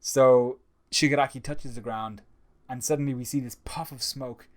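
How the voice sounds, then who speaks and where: Male host of a manga review video. Chatty and excitable, restarts a lot. Mid-range voice. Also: medium pitch, normal speed. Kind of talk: casual manga chapter review.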